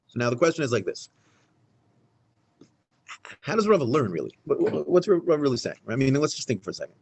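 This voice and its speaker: Man, Talmud lesson, very fast, emphatic. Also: fairly high pitch, husky, low-quality recording. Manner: animated, restates points, fast and emphatic. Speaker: Talmud teacher. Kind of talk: Daf Yomi Talmud class. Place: synagogue study hall, in front of a small class.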